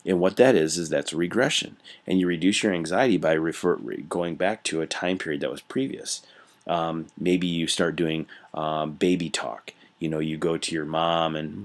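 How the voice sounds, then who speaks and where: A man with an extremely deep voice teaches a recorded class, walking through his notes on a computer mic. He keeps it conversational, with everyday examples and plenty of small fillers. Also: fairly even intonation, normal speed. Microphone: computer mic while scrolling through notes.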